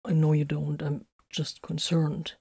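A woman's voice: deep voice, completely flat delivery, a little slow, gravelly, mellow, husky, no echo, clean studio sound, heavily acted. A woman reading the lines of a stern, cautious male warrior leader in a storybook reading, with a careful, firm delivery.

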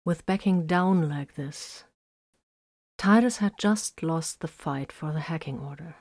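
A woman reading war fiction aloud as a narrator, with dramatic swings between loud emphasis and hushed lines. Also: sits low, unhurried, no echo, studio quality. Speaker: audiobook narrator. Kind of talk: scripted narration of military science fiction.

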